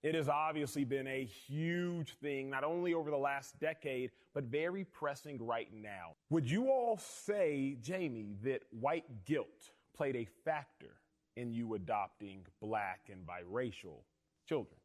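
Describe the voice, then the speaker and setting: A man hosting an interview, earnest and emphatic, speaking in a measured conversational way. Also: medium pitch, expressive. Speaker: host.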